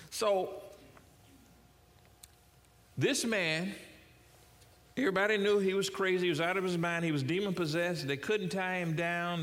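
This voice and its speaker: A man's voice: sits high, a bit bright, big-room sound. A man preaching a sermon in a conversational way, reading scripture and asking rhetorical questions. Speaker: pastor.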